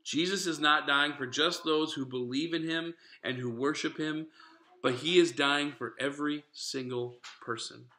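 Brief: bright-voiced male pastor, casual earnest sermon, echoey church. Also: fairly high pitch, steady tone, measured pace. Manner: earnest, conversational preaching with asides to listeners. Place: church sanctuary.

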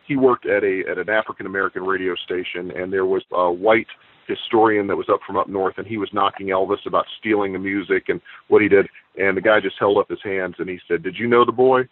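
Male author guest, storyteller type, lowish voice, phone-line sound. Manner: expansive anecdotal storyteller. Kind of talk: casual interview chat. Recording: tinny phone-line audio, dry.

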